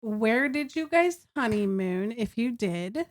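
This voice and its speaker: A woman's voice: a little high, lively intonation, slow. A woman co-hosting a podcast who listens closely and asks questions in a casual chat. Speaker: podcast co-host asking questions.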